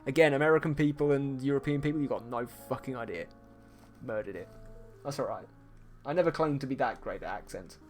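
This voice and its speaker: A man's voice: mid-range voice, brisk, darkish tone, faint music behind. A man from England, chatting casually with his livestream viewers, teasing and swearing with a laugh. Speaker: streaming artist.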